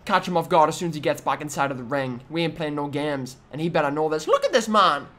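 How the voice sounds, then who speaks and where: A young man giving excitable let's-play commentary on a wrestling video game, trash-talking the opponent with sudden loud outbursts. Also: a little high, quick pace. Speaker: gaming YouTuber.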